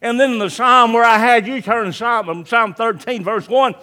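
A man preaching a sermon, swinging between loud emphatic lines and hushed ones, and reading scripture in old-fashioned wording. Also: extremely high pitch, moderate pace. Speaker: pastor.

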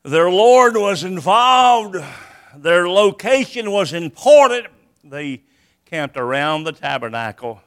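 High, bright-voiced impassioned preacher. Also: male voice, expressive, unhurried, clean tone. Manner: impassioned, rhythmic, swinging from soft to loud. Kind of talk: sermon.

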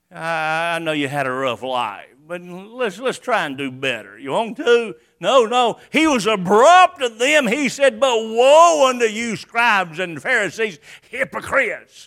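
An older man preaching a sermon, swinging from loud declarations to hushed asides with folksy humor. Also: high-pitched. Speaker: pastor.

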